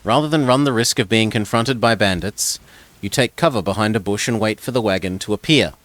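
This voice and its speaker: A man's voice: lowish voice, a little fast, fairly bright tone, dry recording. A man reading a gamebook aloud in second person, stumbling over words now and then and dropping casual asides. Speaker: gamebook reader.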